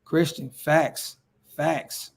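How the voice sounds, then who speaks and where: This fan-channel livestream host from Northern California reads viewer comments aloud, hyped and slangy, and keeps repeating phrases. His slightly high voice is steady, with vocal fry, and he speaks extremely slowly.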